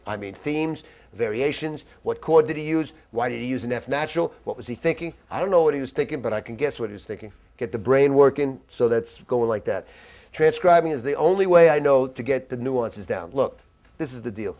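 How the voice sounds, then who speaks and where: A man teaching a jazz masterclass in a conversational, animated way, tossing in acted asides, in a dry room. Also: medium pitch, brisk. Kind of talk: masterclass lecture. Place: dry room with little reverb.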